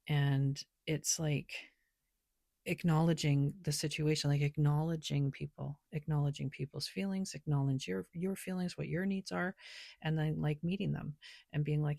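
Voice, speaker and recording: A tarot and oracle card reader talks loosely in a casual spiritual vlog, rambling with many filler words. Her low, dark voice is creaky, fairly even in intonation and a little slow, recorded with clean studio sound and no echo.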